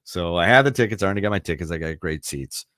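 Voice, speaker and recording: Expressive man in his fifties, rambling, self-deprecating host chatter, pitch rising and falling a lot, dry close sound with no room. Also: quick pace, no echo. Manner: rambling storyteller, laughs easily, self-deprecating. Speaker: radio show host. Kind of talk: casual chat.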